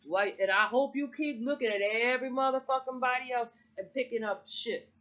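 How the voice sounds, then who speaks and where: A woman's voice: on the high side, fairly quick, a bit bright. Woman, middle-aged, casual heated rant, swears constantly, rambles, muffled lo-fi recording. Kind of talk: casual political rant to camera.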